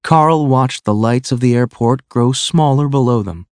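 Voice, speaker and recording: A man narrating a graded-reader audiobook in a clear, measured way. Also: mid-range voice, darkish tone, no echo.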